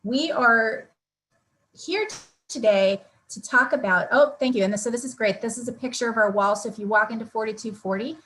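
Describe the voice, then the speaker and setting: A woman's voice: on the high side, brisk, fairly bright tone, low-quality recording. Woman with a Massachusetts accent moderating. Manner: friendly, loose, with filler words. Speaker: panel moderator. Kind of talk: introducing a panel over a video call. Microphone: video call.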